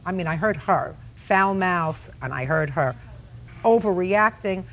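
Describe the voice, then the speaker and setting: A woman's voice: on the low side, expressive, unhurried, a bit bright. A woman presiding as a television courtroom judge, stern and interrupting, mocking what others said with sarcasm.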